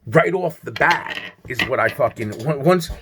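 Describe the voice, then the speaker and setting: A man's voice: medium pitch, expressive, measured pace, noisy background. A man recounting a strange encounter in a rambling, profane way, acting out both sides of the dialogue and repeating himself often. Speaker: vlogger. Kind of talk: rambling personal storytime.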